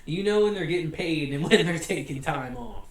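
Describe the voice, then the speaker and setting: An American man hosting a casual anime review, chatty and relaxed, laughing often and filling gaps with "you know" and "like". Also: on the high side, normal speed, recorded from a distance. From United States. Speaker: anime reviewer, channel host. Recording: very echoey room, voice off-mic, faint hiss.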